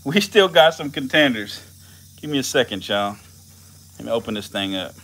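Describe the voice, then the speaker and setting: A young man, giving loud, profane, laughing commentary as a channel host on a casual live stream. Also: medium pitch, animated, normal speed. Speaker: channel host feeding snakes.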